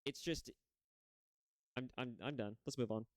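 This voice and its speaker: Smooth-voiced man rambling commentary. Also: medium pitch, a little slow, no room sound. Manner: rambling, full of restarts and self-corrections. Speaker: reaction video host. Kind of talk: casual video commentary.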